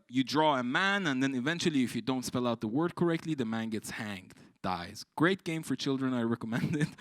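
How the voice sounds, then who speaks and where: A man from Iran doing live stand-up, telling stories with swearing and shouted punchlines. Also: a little high, no echo. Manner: animated, swearing, exclaiming punchlines. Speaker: stand-up comedian. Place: live comedy stage.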